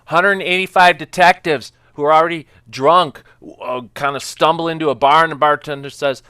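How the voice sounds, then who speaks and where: A man's voice: on the high side, fairly even intonation, normal speed, few pauses, pushed and bright, clear, resonant tone, no echo. A man improv performer telling jokes, starting hesitantly.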